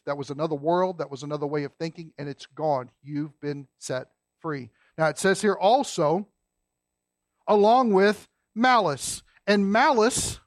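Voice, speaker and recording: A man preaching a sermon as a pastor, folksy and emphatic, dropping low and quiet to stress a point. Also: no echo, studio quality.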